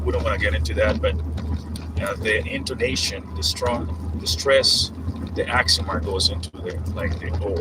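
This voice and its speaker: A man teaching Spanish vocabulary casually while driving, explaining loosely with fillers and slowing down to spell out and repeat examples. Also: fairly low pitch. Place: inside a moving car. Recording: distant mic with loud road noise.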